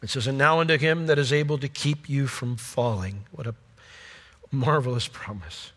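A man preaching a sermon with passion, his voice swinging from loud peaks to hushed, quiet lines. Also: a little high. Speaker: pastor. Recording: long hall reverb.

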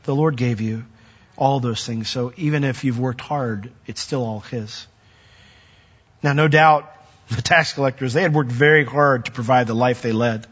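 Husky-voiced pastor preaching in an echoey hall. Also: male voice, mid-range voice, normal speed, highs cut off. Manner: builds to loud, emphatic peaks when reading scripture; conversational asides to the congregation. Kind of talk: sermon.

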